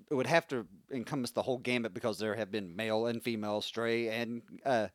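A man co-hosting a podcast in casual comedic chat, riffing crudely and deadpan. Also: mid-range voice, no room sound, studio quality. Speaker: podcast co-host.

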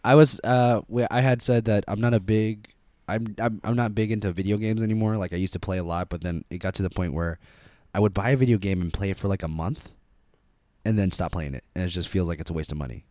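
A man's voice: fairly low pitch, fast talker, a little mellow, dry recording. A young man co-hosting a podcast, rambling and teasing in casual chat. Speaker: podcast co-host and editor.

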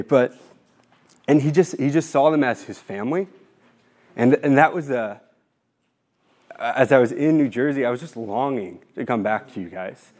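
A man in his twenties giving a talk to his faith community, nervous and tearful, halting with many pauses. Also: medium pitch, a little mellow. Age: 20s. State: tearful, voice breaking. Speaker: speaker giving a formation talk.

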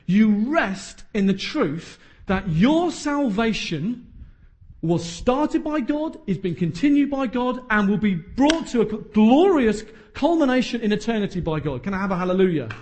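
A man's voice: high-pitched, big pitch swings, normal speed, darkish tone. A man, preaching a sermon emphatically with joking asides. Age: 30s.

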